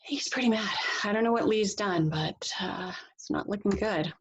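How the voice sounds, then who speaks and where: A woman teacher giving a read-aloud phonics lesson, reading slowly and deliberately and laughing softly now and then. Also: dull audio. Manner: slow, deliberate reading with lively pitch and soft laughs.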